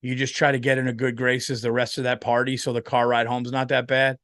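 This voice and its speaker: A man's voice: medium pitch, little pitch movement, a little fast, fairly bright tone, dry recording, studio quality. A tired man hosting a comedy podcast, rambling and swearing freely in a casual monologue. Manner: profane, rambling, lots of fillers.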